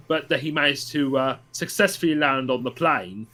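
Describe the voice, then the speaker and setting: A man summarizing a comic story in a casual podcast chat, with many ums and pauses. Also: medium pitch, a bit bright. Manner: hesitant, many ums and uhs. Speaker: podcast co-host.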